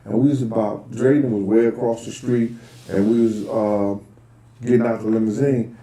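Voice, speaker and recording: A middle-aged man casually telling a long personal anecdote, rambling with lots of "you know" and "um", and getting loud when he acts out other people. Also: fairly even intonation, normal speed. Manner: rambling, loose delivery with frequent "you know" and "um"; gets loud and high when acting out quoted people. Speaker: storyteller recounting personal anecdotes. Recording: roomy echo.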